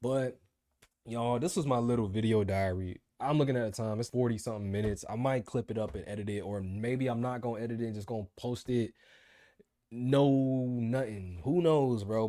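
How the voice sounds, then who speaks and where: A man's voice: fairly low pitch, mellow. A man in his twenties ranting about his job in a casual video diary, telling the story with slang. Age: 20s. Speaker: vlogger.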